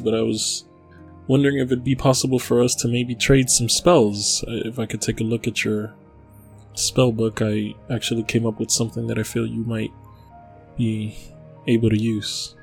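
A man's voice: mid-range voice, flat delivery, moderate pace, gravelly, faint music behind, close to an everyday voice. A man voicing a polite, hesitant male wizard adventurer in a tabletop game.

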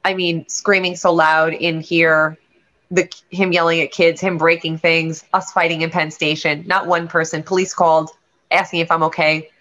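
Her voice is low-pitched, level, and fairly bright, at normal speed. She's a realtor and show guest recounting a candid personal story, earnest and rambling with many restarts, captured with lo-fi, dull sound.

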